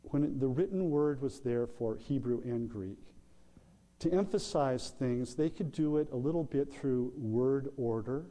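A man preaching a sermon as pastor, slow and deliberate, with emphatic pauses. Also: medium pitch, warm tone. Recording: long hall reverb.

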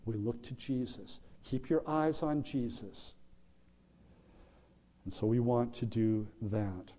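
A man preaching a sermon as pastor, slow and deliberate, with emphatic pauses. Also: mid-range voice, mellow. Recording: long hall reverb.

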